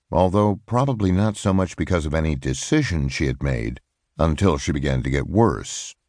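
A man with a very low voice narrates an audiobook, and his pitch rises and falls expressively. His reading is measured and reflective, recorded close and dry in a studio. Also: darkish tone, no room sound. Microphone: close studio microphone.

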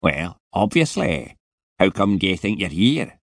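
A man putting on a squat, sour Scottish security guard in an audiobook, brusque and impatient with broad dialect. The voice is very deep, with a husky edge. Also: big pitch swings, unhurried, no echo, clean studio sound, heavily acted.

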